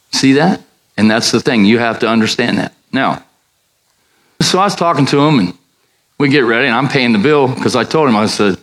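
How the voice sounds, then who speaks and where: Older pastor telling a lively sermon story. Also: male voice, rough recording. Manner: animated, acts out dialogue with big pitch jumps.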